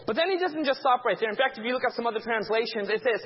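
A man's voice: very high-pitched, expressive, very fast, hardly any pauses, slight background noise. A man teaching a Bible class who keeps quizzing his listeners with fill-in-the-blank prompts. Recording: dull sound with long hall reverb.

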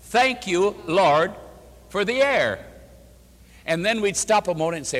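A man's voice: high-pitched, animated, unhurried, a bit bright. An older man, a pastor, preaching a sermon to an audience, telling a story and repeating phrases with strong emphasis. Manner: emphatic, repeats phrases for rhythm, acts out quoted speech. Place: church or meeting hall before an audience. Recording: hall with long reverb.

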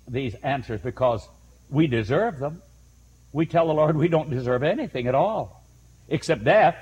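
A man's voice: mid-range voice, a little mellow, slightly rough, low-quality recording. An older man preaching, telling folksy stories and chuckling between anecdotes. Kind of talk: storytelling sermon.

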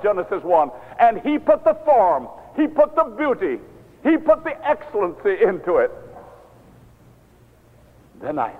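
Older male preacher, tinny hall recording. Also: high-pitched. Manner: animated preaching with stern asides and mimicry. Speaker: minister. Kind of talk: sermon. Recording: tinny phone-like sound in a large reverberant hall.

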